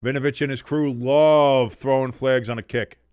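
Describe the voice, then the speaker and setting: Man, stream host, casual play-by-play, joking, chatty, mid-pitched voice, dry close sound. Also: fairly even intonation, normal speed, a little mellow, clean tone, no echo. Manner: joking, chatty, reads out chat messages. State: wired on coffee. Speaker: watch-along stream host. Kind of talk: casual live play-by-play commentary.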